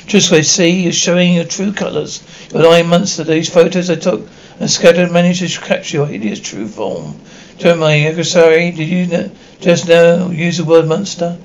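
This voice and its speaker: A young man reads a horror episode script aloud, voicing every line and even the sound cues. His delivery stumbles, with slips and restarts, and his voice sits fairly high for a man. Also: lo-fi sound, a little hiss or hum.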